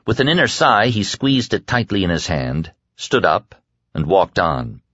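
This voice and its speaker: Deep-voiced man reading a suspenseful story. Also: sing-song, fairly bright tone, slightly rough, no echo. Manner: measured, suspenseful reading that slows and drops low at tense moments. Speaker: audiobook narrator. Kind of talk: scripted narration of a horror novel. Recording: dry, slightly dull lo-fi recording.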